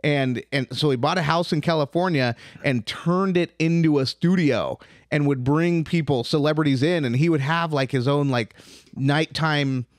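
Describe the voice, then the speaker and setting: Male co-host, slightly high voice, loose anecdotal delivery, dry studio sound. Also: normal speed, no room sound. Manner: laid-back storyteller, trails off and restarts. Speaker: podcast co-host. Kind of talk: casual chat.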